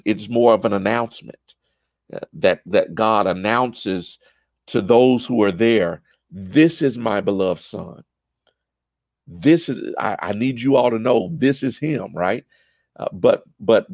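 A man teaching a church Bible study, halting and explanatory, with frequent fillers and repeated words. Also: on the low side, vocal fry, a little mellow, dry recording.

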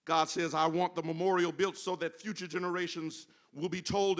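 A man's voice: sits high, flat delivery, normal speed, hardly any pauses. A man preaching a sermon in a church, building to fervent, half-sung phrases. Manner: preaching with rising fervor and sung, chanted phrases. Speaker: pastor. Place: church sanctuary.

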